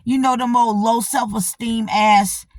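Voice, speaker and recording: A woman's voice: on the high side, unhurried, no echo, clean studio sound. A middle-aged woman hosting her own channel, telling a personal story in casual, blunt, profane talk, often checking in with her audience. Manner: animated, talks back to the audience, repeats herself. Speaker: channel host.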